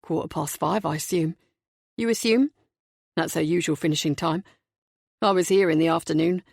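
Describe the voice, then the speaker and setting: A woman's voice: low-pitched, gravelly, a little mellow, no room sound, voice pushed down. A woman voicing a nervous, flustered young male company director who keeps apologizing, in a dry close audiobook recording. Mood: harried. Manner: apologetic, shaken and hurried.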